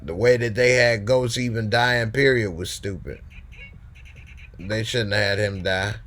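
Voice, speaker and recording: A man with a lowish voice hosts a live call-in show. He speaks in an unhurried, laid-back way, chatting in slang as he answers viewers. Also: fairly even intonation, a bit bright. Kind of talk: casual live-stream chat.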